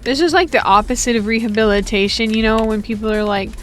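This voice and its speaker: A woman's voice: on the high side, quick pace, soft background music. A woman giving casual, joking, rambling commentary while playing a game, full of slang. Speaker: gaming streamer.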